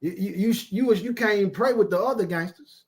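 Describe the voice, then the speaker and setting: A man's voice: sits high, fairly quick, a little mellow. A man preaching an informal sermon, emphatic and repetitive, with streetwise phrasing and frequent asides of "man".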